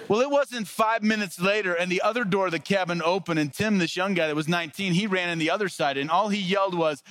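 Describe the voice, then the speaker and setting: A male pastor preaching a casual sermon, telling stories and acting out the quoted lines with lively energy. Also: high-pitched, quick pace, few pauses, dry recording. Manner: storytelling with lively acted-out quotes.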